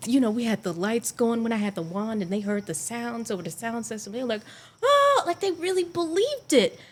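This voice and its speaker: A woman guest on a podcast, telling stories in a lively, laughing way during a casual chat. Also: on the high side, slightly rough. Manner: animated storyteller, laughs often. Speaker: guest actress. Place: podcast studio.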